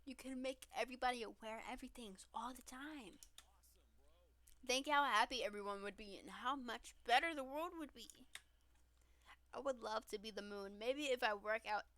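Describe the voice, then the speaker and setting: A woman's voice: fairly high pitch, normal speed, natural voice. A woman voicing an eager, simple-minded young werewolf boy in a dating-sim playthrough. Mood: earnest. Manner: excitable, earnest, simple-minded.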